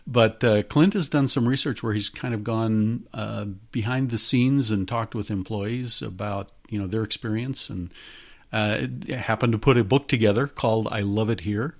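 Middle-aged male podcast host, lowish voice. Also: normal speed. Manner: rambling, with many hesitations. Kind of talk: casual podcast chat.

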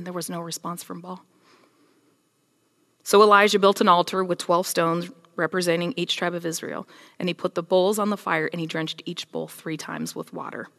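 A woman delivers a sermon in a relaxed, chatty way and retells the scripture as a story. She voices the people in it as she goes, and her voice sits a little low. The sound carries a long reverb, like a large hall. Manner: casual, storytelling, animated with voiced quotes. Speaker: preacher.

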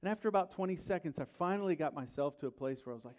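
A middle-aged man preaching a sermon in a church. He tells a personal story in a conversational way, dropping to quiet asides and rising to loud bursts. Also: a little high, lively intonation, racing. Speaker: pastor.

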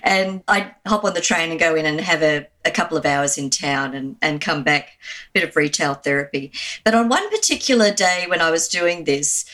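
A woman's voice: low-pitched, moderate pace. An Australian woman, an Anglican minister, recounting a personal story in an interview with frequent fillers. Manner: warm anecdotal retelling with fillers.

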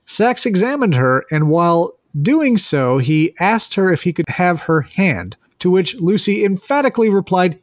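A man with a fairly high voice narrates a story for his co-hosts in a relaxed, chatty way. He hedges and fills his sentences with "like" as he goes. The sound is close and dry, with no room around it. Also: moderate pace, hardly any pauses, no room sound. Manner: casual, hedging, with frequent "like". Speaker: podcast host telling the story. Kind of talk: casual storytelling chat.

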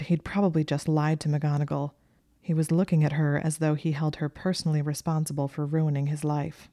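A woman reading a story aloud in a steady, even storytelling manner. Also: sits low, no room sound, clean studio sound. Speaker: audiobook reader. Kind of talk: reading fan fiction aloud.

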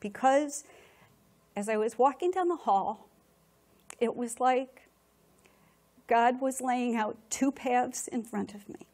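Sharing her own testimony before an audience, a middle-aged woman speaks with lively feeling and tends to repeat words when stirred. Her pitch is slightly high, and she goes slowly, pausing often.

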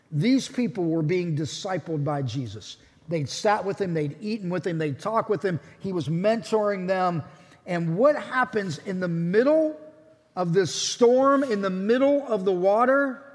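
Man, pastor, animated sermon, high husky voice, long hall echo. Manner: animated storytelling, acting out voices of the story. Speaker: lead pastor.

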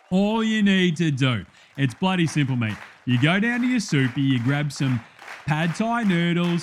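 A man's voice: on the high side, a little hiss or hum, lightly acted. A man playing a brash, blokey male Australian TV cooking host with an Australian accent, in a comedy cooking-show parody full of crude matey banter.

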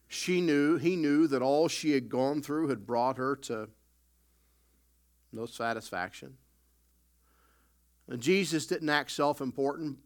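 A man pastor preaching a sermon, emphatic with sudden loud bursts and folksy storytelling asides. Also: mid-range voice.

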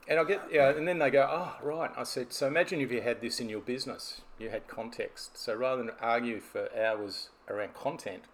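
A man's voice: medium pitch, a little fast, hardly any pauses. A man, a business coach telling stories and explaining ideas in a podcast conversation. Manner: storytelling, explanatory.

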